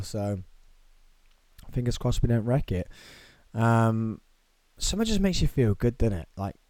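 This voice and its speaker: A man from England with a Birmingham accent hosts a solo podcast, talking in an energetic, playful way with jokey asides. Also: fairly low pitch, no echo. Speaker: podcast host.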